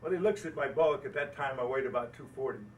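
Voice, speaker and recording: This older American boat builder has a medium-pitched voice and a quick delivery as he spins folksy yarns for an audience at an owners' gathering, poking fun at himself. The mic sits far from him, leaving a low-quality track with some hiss or hum and faint surrounding ambience.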